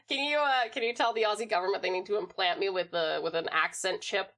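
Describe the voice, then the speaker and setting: A woman's voice: medium pitch, moderate pace, fairly bright tone. Chatty American woman streamer. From United States. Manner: chatty, rambling, laughs often, answers chat. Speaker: livestreamer. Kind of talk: casual stream chat.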